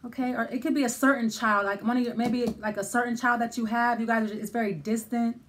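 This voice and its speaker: A woman's voice: a little high, steady tone, fast, a little hiss or hum. A woman giving a casual tarot reading, thinking aloud with many restarts and fillers. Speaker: tarot reader.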